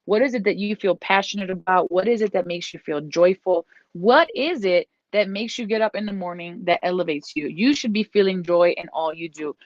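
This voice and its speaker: A woman with a somewhat low voice gives a casual tarot reading, encouraging and repeating herself. The sound is dry and a little dull, like a lo-fi home recording. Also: brisk, few pauses, no room sound. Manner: repetitive, encouraging, breaks off to scold her dog. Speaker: tarot reader.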